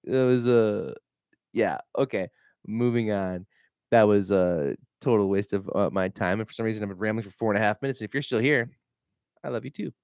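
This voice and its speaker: A middle-aged man rambling in a casual vlog, telling animated stories and swearing freely. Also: fairly low pitch, fairly quick, smooth, dry recording, clean studio sound. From Minnesota. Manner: animated storytelling, mimics voices, swears freely. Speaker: realtor vlogger.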